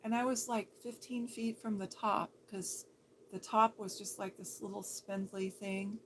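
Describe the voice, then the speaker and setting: Slow, soft-spoken woman livestream host. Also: medium pitch, fairly even intonation, slight background noise. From Seattle, Washington State. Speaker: livestream host reading viewer comments.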